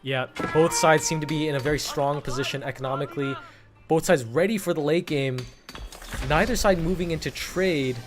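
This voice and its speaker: Fairly high-pitched and fairly quick, a male caster chats casually through live coverage of a strategy game tournament. His talk wanders and he often starts words over, with music audible behind him.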